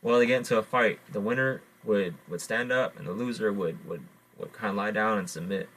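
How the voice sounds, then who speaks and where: A man with a low voice retells a traditional animal story. He halts often, fills gaps with "uh," and repeats his words as he goes. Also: fairly bright tone. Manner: halting, repeats words, fillers. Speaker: podcast host. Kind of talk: oral storytelling.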